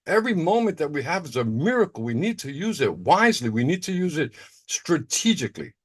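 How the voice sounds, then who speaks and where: A man in a casual video-call chat, talking excitably in rambling stretches, repeating words and trailing off. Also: a little high, brisk, slightly rough. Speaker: participant in an online chat.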